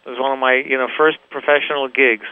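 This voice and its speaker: A man calling in over a tinny phone line, telling stories as the interview guest. His voice is smooth and resonant, and the sound is dry and close. He rambles a little, with many "you know"s and restarts. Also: medium pitch, fairly even intonation, fast, no echo. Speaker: guitarist guest. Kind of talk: casual interview chat.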